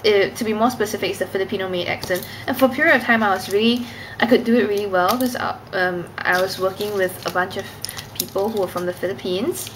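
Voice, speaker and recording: A woman's voice: mid-range voice, fairly even intonation, fast talker, few pauses, low-quality recording. This is a young woman with Cantonese as her first language, chatting in a casual vlog. She rambles and is giggly and self-conscious. The voice is in a middle register, with faint background noise. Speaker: vlogger.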